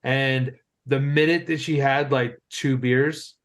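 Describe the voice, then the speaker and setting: A man's voice: mid-range voice, fairly even intonation, slow pace. Rambling man, "like" every other word. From Ontario, Canada. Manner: rambling, heavy use of "like", swears casually. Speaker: podcast co-host. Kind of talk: casual storytelling chat.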